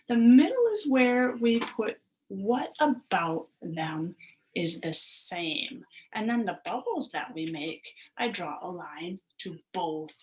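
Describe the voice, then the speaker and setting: A woman teaching a recorded phonics lesson to first graders, encouraging and sounding out each syllable. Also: medium pitch.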